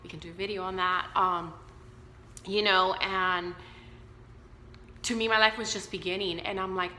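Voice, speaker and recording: A vlogger in her thirties speaks plainly to viewers, unscripted and heavy on fillers and tangents. Her medium-pitched voice has a sharp tone and fairly even intonation, moving at a moderate pace with frequent pauses. Reverb and a faint hiss or hum come through.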